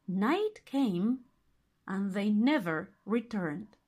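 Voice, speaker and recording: A woman reading a fairy tale aloud as narrator, expressive and deliberate. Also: mid-range voice. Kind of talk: storybook reading.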